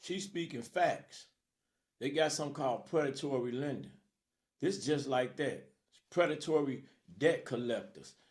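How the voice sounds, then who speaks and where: A man giving casual, matter-of-fact commentary as he reacts to a video. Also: medium pitch.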